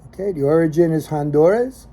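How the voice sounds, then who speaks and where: A man's voice: a little high, brisk, mellow. An older man from New Jersey with a Northern New Jersey accent, hosting a cigar show and telling a story in a rambling, folksy way with many fillers. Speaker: cigar show host and lay minister. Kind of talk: casual storytelling monologue.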